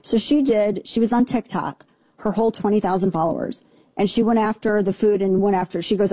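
A woman hosting a talk radio show, ranting sarcastically about the news with quick asides. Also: mid-range voice, warm tone, no echo. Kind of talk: opinionated political talk radio.

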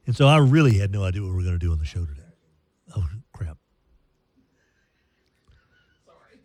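A man's voice: sits low, sing-song, a little fast, pauses often, a little mellow, dry recording. Male sports radio host, easygoing and jokey, rambling delivery, dry close sound. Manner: rambling, self-deprecating, jokey. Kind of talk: casual sports radio chat.

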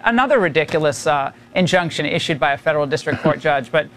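A man's voice: on the high side, fairly quick, hardly any pauses, fairly bright tone. A man hosting a cable news show, interviewing guests in an emphatic, indignant way. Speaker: TV news host.

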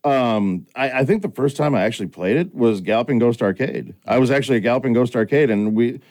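A middle-aged man hosts a casual podcast chat in a fast, mid-range voice. He's an animated storyteller, performing the lines he quotes.

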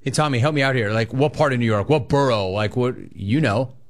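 A man hosting a call-in radio show, telling a story with lively, joking delivery and acting out the voices in it. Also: medium pitch, a little fast.

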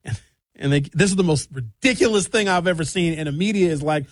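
Talk show guy, joking and riled up, slightly high voice, dry close sound. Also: brisk, no echo. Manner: animated, joking, opinionated. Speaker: host. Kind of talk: casual call-in commentary.

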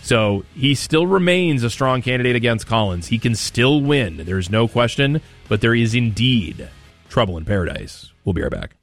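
A man's voice: mid-range voice, expressive, normal speed, faint music behind. A man hosting a morning radio news show, talking through election results in a chatty, off-the-cuff way with fillers and asides. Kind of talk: conversational political commentary.

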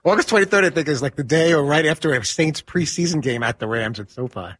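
Fast-talking husky crew member. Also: male voice, fairly high pitch, animated, a bit bright, no echo. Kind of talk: casual radio talk show banter.

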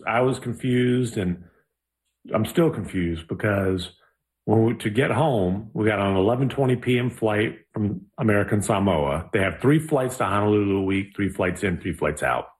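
A man co-hosting a podcast in a relaxed, good-humored way. His voice sits fairly low and he explains things calmly and at length. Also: moderate pace. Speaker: podcast co-host. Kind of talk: casual chat.

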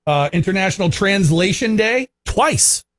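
A man's voice: high voice, animated, a little slow, a bit bright, no echo. A man co-hosting a morning radio show, joking around in casual banter and stumbling over his words now and then.

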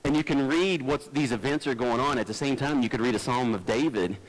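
A man preaching a conversational sermon, folksy and digressive, who calls himself a low talker and often restarts his sentences. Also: fairly quick, rough recording. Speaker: pastor. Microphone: headset mic by the mouth.

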